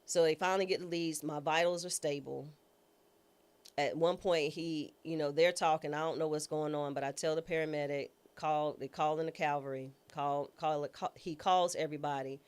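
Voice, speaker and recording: A woman's voice: low voice, fairly even intonation, normal speed, a little mellow, clean tone. A woman guest, a former judge and trial attorney, telling a personal story in an interview. She speaks casually and acts out the voices of people she quotes. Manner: casual, informal speech.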